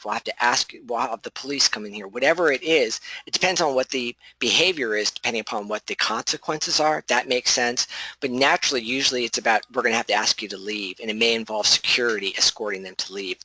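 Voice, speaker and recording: A man giving a casual spoken training on defusing hostile behavior, conversational and self-correcting with animated asides. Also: medium pitch, dry recording, rough recording. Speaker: de-escalation trainer.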